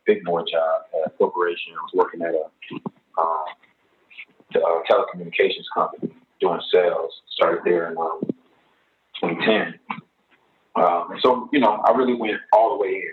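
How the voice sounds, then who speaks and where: Deep-voiced man on a tinny phone line. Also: slight background noise. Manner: animated, rises sharply in pitch when retelling. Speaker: guest. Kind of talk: casual storytelling interview.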